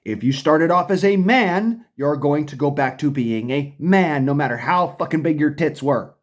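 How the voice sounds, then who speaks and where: A man's voice: a little high, lively intonation, normal speed. A man delivering a profane, combative ranting monologue to camera, often stumbling and restarting his sentences. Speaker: vlogger.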